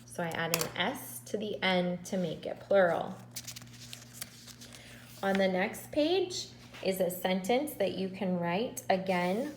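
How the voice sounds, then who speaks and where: A woman's voice: mid-range voice, roomy sound, rough recording. A woman teaching kindergarteners in a recorded lesson, speaking patiently and stretching out syllables. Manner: slow, patient, drawn-out syllables. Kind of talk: recorded remote lesson to children.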